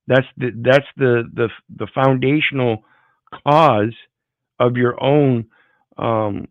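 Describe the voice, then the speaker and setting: A man's voice: mid-range voice, no echo. Man, preachy commentator, moralizing, tinny phone-like sound, dry. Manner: preachy, moralizing, repeats words while searching. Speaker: panel host. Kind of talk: lecturing commentary.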